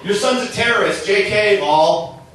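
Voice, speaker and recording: A man's voice: sits high, normal speed, a bit bright, slight background noise. Chatty male stand-up comic in an echoey bar. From southern Minnesota. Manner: conversational, chatty with many likes and rights. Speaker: stand-up comedian. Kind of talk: stand-up comedy set. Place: bar stage. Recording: echoey bar recorded from a distance.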